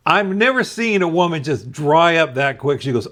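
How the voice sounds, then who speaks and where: A man's voice: a little high, expressive, a bit bright. A middle-aged man casually telling a funny school story to his viewers, laughing at himself along the way. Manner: slow, laughing, self-deprecating. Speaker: channel host telling a story.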